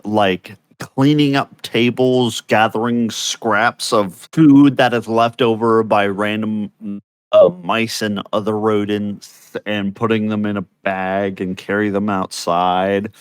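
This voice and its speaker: A man's voice: on the low side, dry recording. A man narrating as game master of a tabletop game, rambling with many fillers and poking fun at himself. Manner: rambling, filler-heavy, self-mocking.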